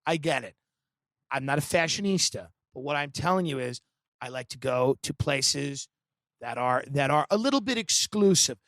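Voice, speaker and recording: A comedian from the United States on a podcast, telling a long story in a sardonic, animated and provocative way. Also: male voice, medium pitch, moderate pace, dry recording.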